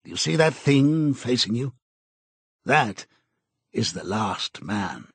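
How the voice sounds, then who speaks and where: Casting: a man playing a cold, menacing interrogator with a husky voice, read dry and close. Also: medium pitch, big pitch swings, fairly bright tone, dry recording, full character voice. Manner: cold, measured, contemptuous. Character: cold menacing male interrogator, middle-aged. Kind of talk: audiobook character reading.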